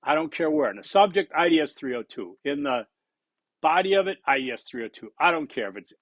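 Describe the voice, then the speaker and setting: A man's voice: fairly high pitch, lively intonation, fairly quick, a bit bright, no room sound. A man in his sixties giving a recorded college lecture, blunt and conversational, repeating points for emphasis. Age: 60s. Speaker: college instructor.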